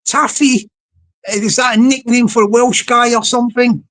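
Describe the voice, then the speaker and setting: A woman's voice: fairly high pitch, steady tone, normal speed, fairly bright tone. A woman hosting a livestream, playful and rambling as she talks to the chat. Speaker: livestream host.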